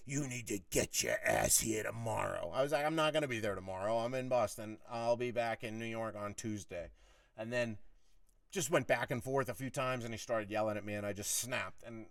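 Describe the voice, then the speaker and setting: A man's voice: mid-range voice, fairly quick, no echo, far from the mic. A middle-aged man telling a long story in casual monologue, swearing freely and acting out heated arguments. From United States. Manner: profane, animated, acts out heated quotes. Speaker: podcast host.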